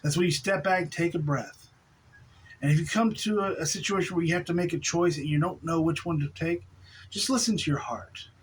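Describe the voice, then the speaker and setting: A man giving a relaxed spiritual talk on video, laughing softly now and then and restarting his sentences. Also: fairly high pitch, brisk, a little hiss or hum, rough recording. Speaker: spiritual teacher.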